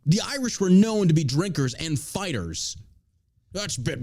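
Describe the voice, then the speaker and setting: A man's voice: a little high, big pitch swings, normal speed, a little mellow. A man hosting a podcast, ranting in casual political commentary with lots of swearing and mockery. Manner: profane, ranting, mocking. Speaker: podcast host.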